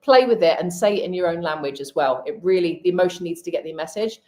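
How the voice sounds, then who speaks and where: Lady in her middle years, kinda low voice, chatty and candid on a live stream. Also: fast talker, darkish tone. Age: middle-aged. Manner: candid, chatty, gives practical tips. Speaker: hypnotherapist and healer. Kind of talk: casual live-stream chat.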